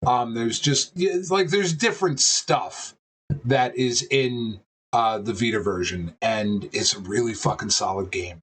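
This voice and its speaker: A man's voice: mid-range voice, a little slow, slightly rough. Guy cohosting a chill podcast, swears a ton, lots of ums, gets worked up. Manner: animated, swears a lot, rambling with fillers. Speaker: podcast co-host. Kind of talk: casual chat.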